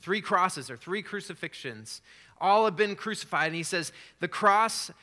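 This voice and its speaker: A man's voice: high voice, lively intonation, moderate pace, sharp tone. A middle-aged man, a pastor, preaching a sermon in a conversational way with fillers and restarts.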